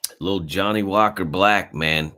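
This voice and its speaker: A man's voice: deep voice, normal speed, pushed and bright. A man co-hosting a casual fight talk show, rambling with many fillers and a lot of swearing. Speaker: podcast co-host. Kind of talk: casual chat.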